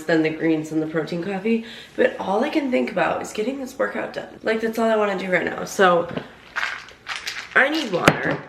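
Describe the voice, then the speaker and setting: A woman's voice: fairly low pitch, gravelly, reverberant. A young woman vlogging her morning in casual chat, laughing often and filling her talk with "like" and "you know". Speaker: lifestyle vlogger. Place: home with a workout space, indoors.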